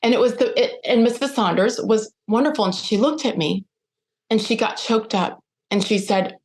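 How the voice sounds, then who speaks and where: A middle-aged woman speaking as a podcast guest, telling a personal story with lively, acted-out dialogue. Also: fairly high pitch, normal speed. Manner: animated, acts out quoted dialogue.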